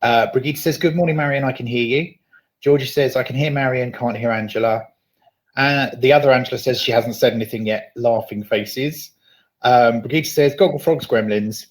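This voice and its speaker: Steady man co-hosting. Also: mid-range voice, normal speed, low-quality recording. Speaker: co-host. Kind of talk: casual chat, reading out viewer comments.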